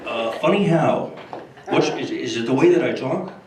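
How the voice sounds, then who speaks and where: A man's voice: medium pitch, expressive, moderate pace, natural voice. A man impersonating a confrontational gangster character during a stand-up impressions bit. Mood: menacing. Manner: menacing, confrontational. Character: tough-guy gangster in a celebrity impression. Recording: echoey room from far off, loud crowd noise.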